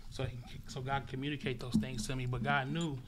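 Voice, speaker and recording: A man's voice: medium pitch, level tone, brisk, a crowd in the background. A man from Los Angeles, a guest in a casual interview, telling his story vividly and profanely and acting it out with sound effects.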